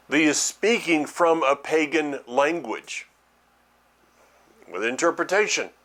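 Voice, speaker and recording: A middle-aged man teaches a sermon to his ministry's followers, frequently pausing and repeating words as he thinks out loud. His voice is medium-pitched with a fairly bright tone.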